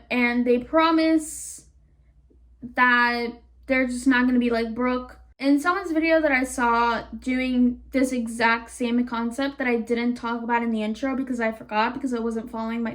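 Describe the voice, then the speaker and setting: A woman recapping a cartoon series in a casual, animated way, with sarcastic asides and rambling tangents. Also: on the high side. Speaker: YouTube reviewer.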